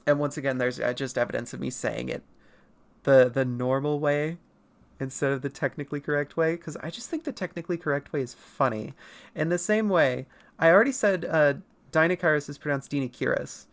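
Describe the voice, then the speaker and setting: This artist streamer, drawing as they answer chat, talks a little fast in a gravelly mid-range voice. The chatter is casual and rambling, full of laughs, occasional cursing and self-correcting asides.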